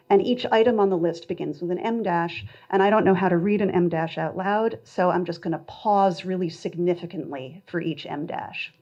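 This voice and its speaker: A woman poet reads her work aloud at a literary festival, taking the verse at a measured pace. Between poems she turns chatty and self-deprecating. Her voice sits a touch low, and the recording sounds a little dull and muffled. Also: a little mellow. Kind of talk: poetry reading with asides.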